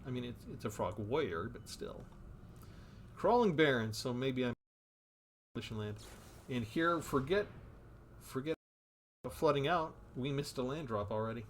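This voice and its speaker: A man's voice: mid-range voice, lively intonation, a little slow, pauses often, a little hiss or hum. A man giving casual commentary on a card game he is playing, thinking aloud about his moves.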